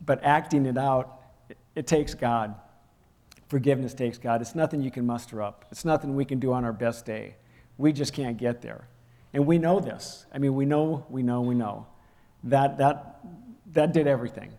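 A man's voice: mid-range voice, normal speed. A man preaching a sermon, telling a personal story and acting out the raised voices in it. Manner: storytelling, acts out quoted shouting. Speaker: pastor. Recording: long hall reverb.

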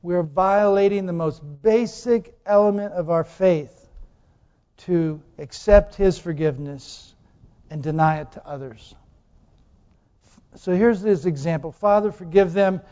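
A male pastor delivers a sermon in a high, soft-edged voice, questioning his congregation and hammering points through repetition. His words ring out with a long reverb through a large church hall. The recording is muffled and lo-fi. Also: a little slow, long pauses. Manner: asks the congregation questions, repeats phrases for emphasis.

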